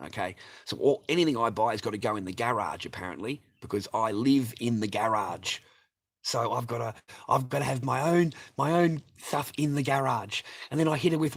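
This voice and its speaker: A middle-aged vlogger with a brisk, slightly rough mid-range voice airs his grievances in a lengthy angry rant to camera. He curses freely, repeats his points over and over, and keeps addressing the people watching.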